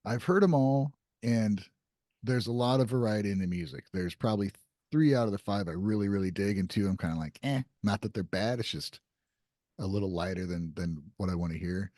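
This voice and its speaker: A man co-hosting a podcast in casual chat, reading music news items aloud in a relaxed way. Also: lowish voice, fairly quick, dry recording, studio quality. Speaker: podcast co-host.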